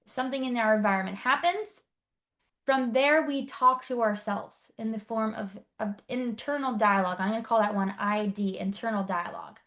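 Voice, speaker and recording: Woman coach running a workshop, fairly high voice, quick explainer, keeps asking "okay?". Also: a bit bright. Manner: brisk, explanatory, checks in with rhetorical questions. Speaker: life coach. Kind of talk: online workshop teaching.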